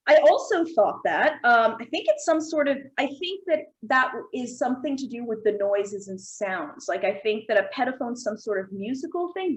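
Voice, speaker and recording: High-voiced woman hosting comedy chat. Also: rough recording. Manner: playful, laughs often, reads viewer comments. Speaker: host.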